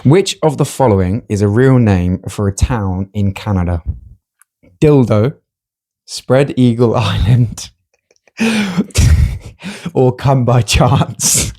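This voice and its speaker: A man hosting a casual podcast, running a joke quiz in a teasing, deadpan way. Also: mid-range voice, slow pace, long pauses. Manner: teasing, deadpan quiz-master who breaks into laughter. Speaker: podcast host.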